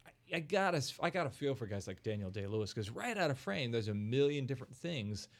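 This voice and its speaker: A man's voice: mid-range voice, sing-song, a little fast. Middle-aged man, casual podcast chat, anecdotal storyteller, laughs often.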